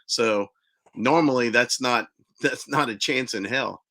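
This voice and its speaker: A man's voice: medium pitch, takes it slowly, pushed and bright. A man hosting a podcast in casual chat, chiming in with short remarks and questions. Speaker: podcast host.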